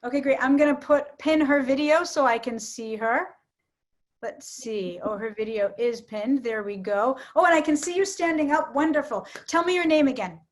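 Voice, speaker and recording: A woman's voice: sits high, moderate pace. A woman teaching public speaking in an online workshop, coaching participants with encouragement.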